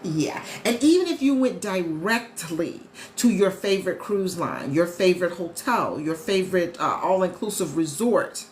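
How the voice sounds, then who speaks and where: A woman chatting casually to viewers on a live stream as a travel agent host, animated and talkative. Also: lowish voice, normal speed, hardly any pauses. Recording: echoey room with faint ambient noise.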